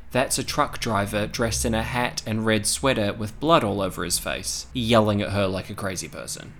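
A man recapping a horror film in casual chat, animated and profane, laughing often. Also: lowish voice. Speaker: podcast co-host.

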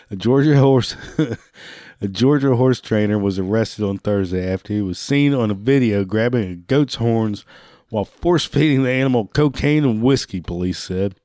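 A man's voice: lowish voice, moderate pace, dark tone, dry recording, studio quality. A man hosting a talk show, delivering an angry rant full of swearing, sometimes breaking into laughter. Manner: angry, swearing heavily, laughing between lines. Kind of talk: profane rant.

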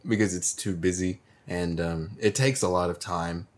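A man chatting casually, telling stories in a halting way full of fillers. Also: sits low, fairly even intonation. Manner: halting, filler-heavy storytelling. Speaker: podcast co-host and game master. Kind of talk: casual chat.

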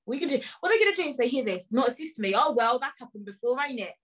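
A woman hosts her own podcast, tired and upset, delivering a heated, angry rant full of slang and repeated phrases. Her voice is fairly high, bright, and breathy, racing and expressive, on a rough recording.

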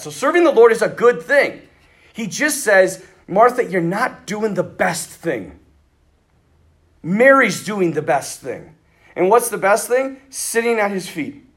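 Middle-aged priest guy, chatty sermon, raspy, lots of ups and downs. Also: high-pitched. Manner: conversational, animated, acts out quoted dialogue. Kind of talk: sermon with storytelling.

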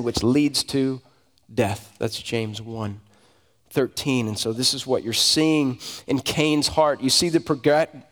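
Man preaching in a reverberant hall. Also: mid-range voice. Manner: conversational preaching with rhetorical questions. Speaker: pastor. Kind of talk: sermon.

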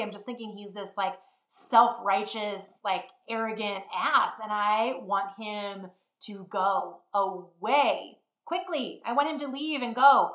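A woman's voice: medium pitch, unhurried, hardly any pauses, echoey room. A middle-aged woman telling a rambling story in a casual way and acting out what people said. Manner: rambling, animated, acts out quotes. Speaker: fitness business founder.

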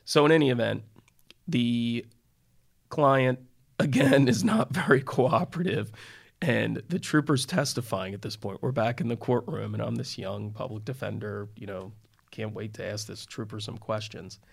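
A middle-aged defense lawyer co-hosts a casual chat. His voice has a gravelly edge, and he sits at an ordinary, middling pitch. He rambles through an anecdote with dry, self-deprecating humor. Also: moderate pace. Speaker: criminal defense attorney and podcast co-host.

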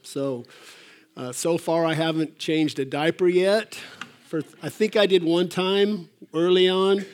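An older male pastor gives a folksy, rambling sermon to his church. His voice sits a little high for a man, and he pauses often on fillers and restarts. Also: fairly even intonation, a little mellow.

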